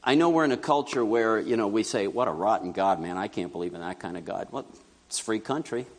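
A man's voice: lowish voice, fast talker, big-room sound. A middle-aged man preaching a sermon as a pastor, telling stories in a conversational way and acting out quotes. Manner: conversational, animated storytelling with acted quotes.

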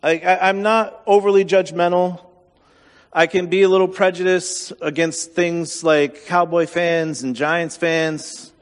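Chatty self-mocking pastor guy, kinda high voice, sermon in a big echoey church hall. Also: fairly even intonation, unhurried. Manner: candid, self-deprecating, conversational.

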